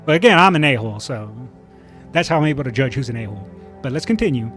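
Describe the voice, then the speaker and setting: A man's voice: mid-range voice, big pitch swings, quick pace, a bit bright, faint music behind. A man streaming, reading online posts aloud and reacting with opinionated, rambling commentary full of fillers and restarts.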